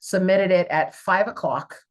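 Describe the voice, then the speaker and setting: A woman from Southern California, a stage actor, chatting as a guest and telling stories in an animated way, with many fillers. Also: lowish voice, measured pace. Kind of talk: casual conversational storytelling.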